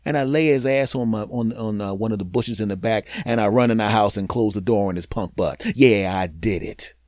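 A man hosting a podcast, telling a comic story in an animated way that swings from loud to hushed, with deadpan punchlines. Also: fairly low pitch, brisk, no echo, clean studio sound. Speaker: podcast host.

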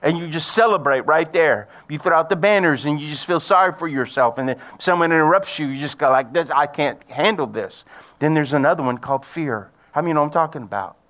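A middle-aged man preaching a sermon, telling a personal story in a folksy way and building to loud, excited preaching. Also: on the high side, quick pace, few pauses. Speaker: pastor.

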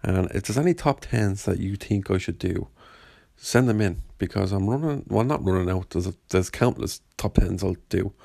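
A man's voice: sits low, normal speed, creaky, mellow, dry recording. A man hosting a podcast, chatting casually and rambling in a self-deprecating way. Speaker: podcast host. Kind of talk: casual chat.

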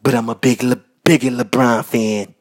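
A man from Minnesota hosting a podcast, talking casually and giving loud, repetitive shout-outs full of slang. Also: mid-range voice, steady tone, moderate pace. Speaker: podcast host. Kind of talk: casual solo podcast monologue. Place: North Minneapolis.

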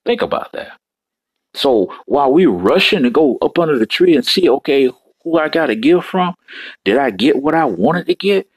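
A man's voice: on the high side, lively intonation, normal speed, breathy edge, dry recording. A male preacher delivering a fervent sermon, repeating phrases and breaking into exclamations.

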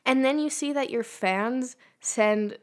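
A woman's voice: high voice, slow. Wry woman hosting a podcast chat. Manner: wry, sets up segments, reads lyrics aloud. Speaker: podcast co-host. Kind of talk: casual chat.

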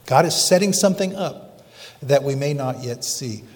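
A man preaching a sermon dramatically, slowing down for emphasis. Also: medium pitch, expressive, darkish tone. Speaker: pastor. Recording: long reverb of a large hall.

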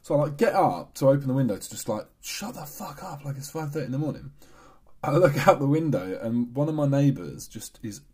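A man's voice: mid-range voice, lively intonation, fairly quick, a little mellow, slightly rough. A man from England, a podcast co-host, telling stories in casual chat, swearing and laughing often.

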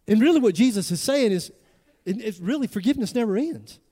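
A male pastor, preaching an animated, emphatic sermon full of rhetorical questions. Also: high voice, quick pace. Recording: long hall reverb.

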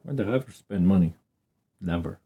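A man's voice: low voice, animated, fairly quick, slightly rough, narrow, tinny audio. A Scottish man bantering with his wife on a podcast, answering her teasing in a dry, defensive way. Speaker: co-host husband.

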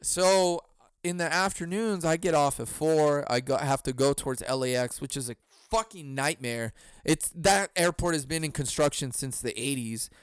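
A man's voice: a little high, normal speed, smooth, no echo. A man hosting a comedy podcast, telling a rambling, profane story in a casual monologue. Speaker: podcast host.

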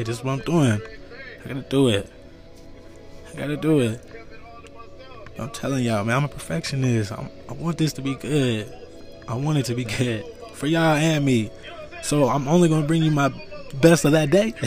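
An American man in his thirties hosting a casual solo podcast, rambling loosely, laughing often and cussing freely. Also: mid-range voice. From United States. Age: 30s. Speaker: podcast host. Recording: music playing loudly behind. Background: music.

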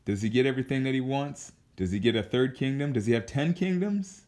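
A man's voice: mid-range voice, animated, fairly quick, darkish tone. A young man casually telling a story, rambling with restarts and chuckling at his own asides. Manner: rambling, many fillers and restarts, laughs at his own jokes.

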